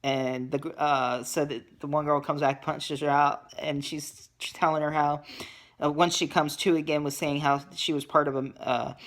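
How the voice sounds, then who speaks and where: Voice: medium pitch, level tone, normal speed, fairly bright tone. A reviewer casually recapping a horror movie, dismissive and sarcastic, with many ums and uhs.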